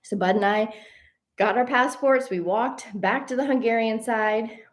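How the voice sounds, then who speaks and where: A woman telling a personal travel story in a casual, animated way. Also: on the high side, measured pace. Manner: animated, addresses listeners as y'all. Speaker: host.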